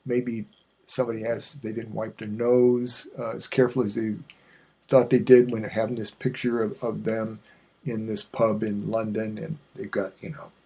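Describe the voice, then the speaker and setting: A man's voice: lowish voice, level tone, normal speed, creaky, dark tone, slightly rough. A man hosting his own podcast, chatting in a digressive, self-mocking way with many fillers and restarts. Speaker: podcast host. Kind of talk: rambling solo podcast chat.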